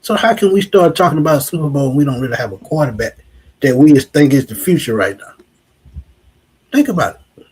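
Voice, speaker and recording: A man's voice: on the high side, lively intonation, fairly quick, long pauses, a little mellow, breathy edge, low-quality recording. A man, co-hosting a casual sports talk show and musing back on what he has seen. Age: 40s. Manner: reflective, repeats "like I said".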